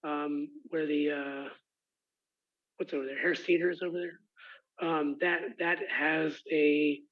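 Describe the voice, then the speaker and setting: Hoarse man, fairly high voice, halting and apologetic, muffled lo-fi call audio. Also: level tone. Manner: halting, many restarts and fillers, apologetic. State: hoarse, has lost his voice. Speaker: rezoning applicant's representative. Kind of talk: answering residents' questions at an online meeting.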